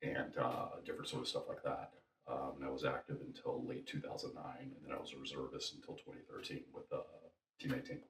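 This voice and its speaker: Very deep-voiced man telling stories. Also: fast talker, a little hiss or hum. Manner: animated storyteller, acts out quotes. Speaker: guest. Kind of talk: casual storytelling.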